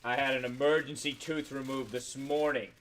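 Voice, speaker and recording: A Central Florida man hosts a live trading card box break, chatting casually with viewers, swearing freely and rattling off player names and teams as he opens packs. His voice is medium-pitched, steady and fairly bright at normal speed. There's a little hiss or hum in the recording.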